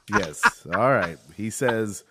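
A man's voice: mid-range voice, creaky, background noise. A man co-hosting a podcast, recapping a TV episode in casual chat, rambling with stammering restarts and frequent laughs. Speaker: podcast co-host.

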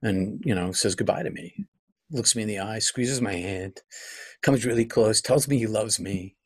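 A man's voice: lowish voice, lively intonation, normal speed, slightly rough. Middle-aged man, reflective storyteller. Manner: reflective, reenacts his own past thoughts, frequent restarts. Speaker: guest, pastor. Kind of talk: personal storytelling in an interview.

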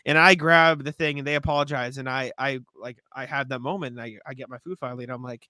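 A young man co-hosts a casual podcast, telling animated stories full of swearing. His voice is bright and forceful, recorded dry and close to the mic. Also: mid-range voice, fast talker, hardly any pauses, dry recording. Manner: profane, animated storytelling. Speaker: podcast co-host. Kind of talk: casual chat.

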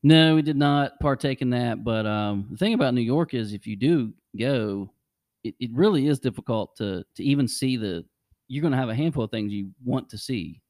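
A man's voice: medium pitch, lively intonation, moderate pace, a little mellow, no echo, studio quality. A man hosting a podcast, rambling casually through travel stories and chuckling often. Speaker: podcast host. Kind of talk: casual chat.

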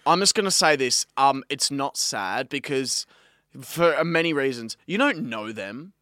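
A man's voice: mid-range voice, animated, a little slow, pushed and bright, no room sound, studio quality. Blunt ranting young Australian man. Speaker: podcast co-host. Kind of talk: casual chat.

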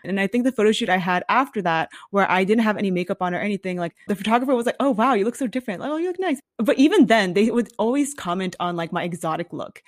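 Young american woman telling a story on a podcast, blunt, mid-pitched, close dry mic. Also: fast talker, hardly any pauses, no echo. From United States. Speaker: podcast co-host. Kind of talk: casual podcast chat.

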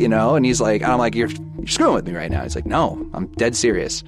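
Over background music, a thirty-something man tells his own ghost story in a relaxed way, voicing the back-and-forth exchanges. He speaks fairly quickly in a lowish, expressive voice.

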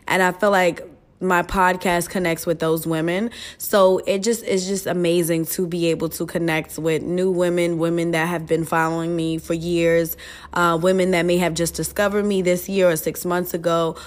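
A young woman hosting her own podcast in a loose, chatty way, swearing freely and laughing at herself. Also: on the low side. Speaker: podcast host. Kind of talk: casual solo podcast chat.

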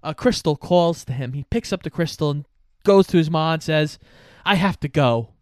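A young man with a smooth, somewhat high voice narrates a film's plot in relaxed, casual fashion. He defends the story's choices without much heat. The recording is close and dry. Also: fairly quick, no echo. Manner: laid-back, plot-summarizing, mildly defensive. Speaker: podcast co-host. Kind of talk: casual movie recap.

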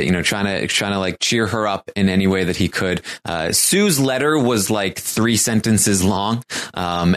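A man giving a casual show recap, talking in a halting way with many pauses and restarts. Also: deep voice, a bit bright.

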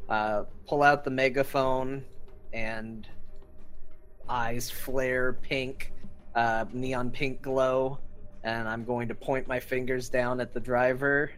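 A man playing a tabletop game, slowly describing what his character does. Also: mid-range voice, flat delivery, fairly bright tone, soft background music. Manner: slow, deliberate, describing his character's actions. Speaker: player. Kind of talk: casual tabletop play.

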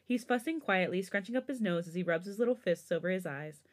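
A woman's voice: fairly low pitch, lively intonation, fast talker. A young woman hosting a podcast, casually reading fan fiction aloud and breaking off for giggly, chatty asides.

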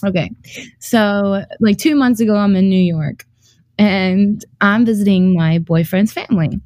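A young woman spins her stories in a loose, animated way, breaking into giggles, filling every gap with "like" and dropping a curse here and there. Her voice sits at an ordinary middle pitch for a woman. It is recorded close and dry, with no room sound around it. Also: unhurried, no echo. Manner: animated and giggly, heavy use of "like", casual swearing. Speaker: guest storyteller. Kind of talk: casual storytelling chat.

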